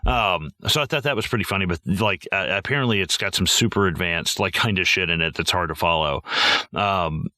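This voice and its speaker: A man's voice: deep voice, a little fast, sharp tone, dry recording, studio quality. A man hosting a podcast, chatting casually about a film in a rambling way, with lots of fillers and swearing. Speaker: podcast host.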